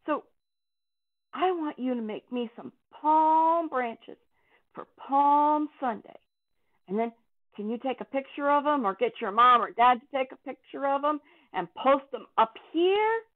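A woman doing an eager high puppet boy. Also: animated, a little slow. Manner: cheerful, coaxing, talks straight to children. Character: friendly young boy puppet, eager and chatty. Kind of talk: children's church puppet talk. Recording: tinny, phone-like sound.

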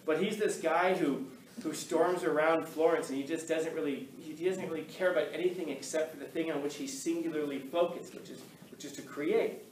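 A male teacher telling a story to his class in an animated way, acting out the voices of the people in it. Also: a little high, a little hiss or hum. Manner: animated, acts out quoted voices. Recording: echoey classroom, mic from far off.

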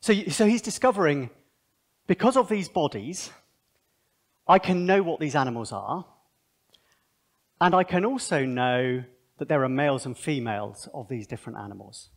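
Man, seminar speaker, conversational bible teaching, lively pitch swings, fairly high voice, asides. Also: moderate pace, pauses often. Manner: animated, thinks aloud with asides.

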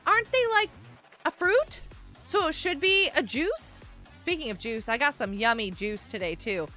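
A woman live-streaming a game, chatting excitably with viewers, greeting them by name and often laughing and gasping. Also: high voice, moderate pace, soft background music. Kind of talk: live-stream gameplay chat.

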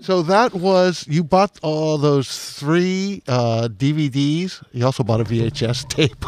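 A man's voice: a little high, slow, darkish tone. A man co-hosting, chatting casually and stumbling over his words as he recaps. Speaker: co-host. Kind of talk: casual chat.

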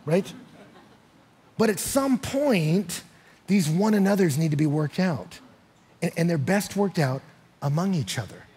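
A high-pitched man preaching from the pulpit, his voice carrying a husky edge. He tells stories with energy, acting out each quote and stumbling on his opening words. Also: normal speed. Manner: energetic storyteller acting out quotes, rising loud and high in excitement; repeats words when starting sentences. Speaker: pastor. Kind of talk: sermon. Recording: live church sanctuary.

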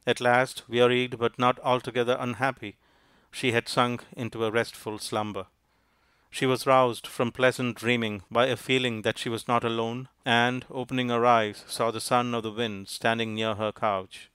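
A man narrating a storybook in a measured, even reading. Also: medium pitch, clear, resonant tone, no room sound. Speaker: audiobook narrator.

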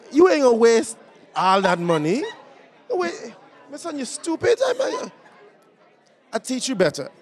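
A man's voice: very high-pitched, pitched above the performer's own voice. A man voicing a feisty, loving elderly Caribbean grandmother with a Caribbean accent, speaking in a scolding, exclamatory way.

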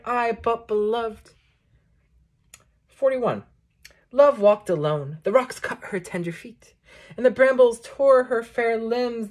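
A woman reading a collection of poems aloud in a slow, measured recitation. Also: on the high side, a little mellow. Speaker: poetry reader. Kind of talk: poetry audiobook reading.

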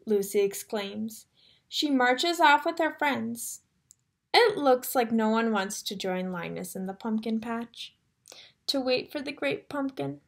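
High, unhurried teacher reading a storybook to young kids, asks them questions. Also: female voice. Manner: animated storyteller, gasps, asks the children questions. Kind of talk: reading a picture book aloud to young children.

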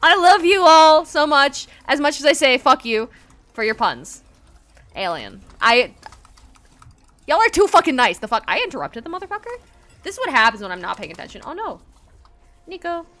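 A woman game streamer chatting live with viewers, excitable and gushing, swearing often and squealing and laughing between lines. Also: sits high, moderate pace, pauses often. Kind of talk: casual live-stream chat.

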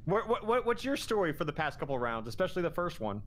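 A man's voice: fairly high pitch, big pitch swings, fast talker. A man in a game's voice chat, earnestly laying out his alibi step by step. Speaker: game player. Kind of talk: voice chat during an online game.

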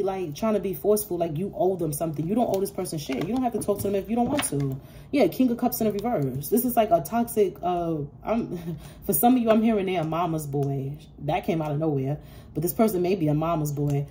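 A woman leads a casual tarot reading in a lowish, mellow voice. She talks bluntly and swears freely, acting out the imagined arguments with animated flair. Faint noise hums behind her. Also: brisk. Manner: blunt, profane, animated, acts out imagined quarrels. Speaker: tarot reader.

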